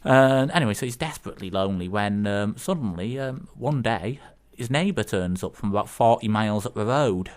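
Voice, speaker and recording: A man co-hosting a casual radio show from a studio mic. His voice sits on the low side, and he rambles with plenty of ums and restarts. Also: animated, brisk, hardly any pauses. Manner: rambling, hesitant, lots of ums. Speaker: radio co-host.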